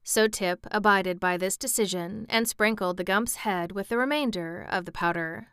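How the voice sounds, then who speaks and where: A woman narrating a storybook aloud in a steady, expressive reading. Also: mid-range voice, moderate pace, smooth, no room sound, studio quality.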